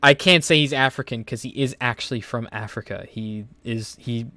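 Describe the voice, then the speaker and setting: A man's voice: mid-range voice, moderate pace, sharp tone, dry recording. A young man hosting a podcast, telling stories in a rambling, profane way full of fillers. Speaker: podcast host. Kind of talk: casual podcast chat.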